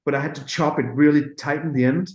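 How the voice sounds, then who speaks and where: Animated man telling a studio story. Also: a little high, roomy sound, low-quality recording. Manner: animated storyteller, acts out dialogue, quick asides. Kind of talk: casual anecdote in an interview.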